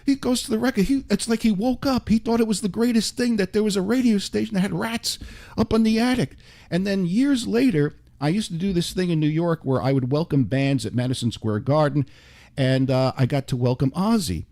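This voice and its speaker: An older man with a warm, low-lit tone sits in a radio studio as a guest. He tells his stories in an animated way, full of quick asides and restarts. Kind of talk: storytelling interview chat.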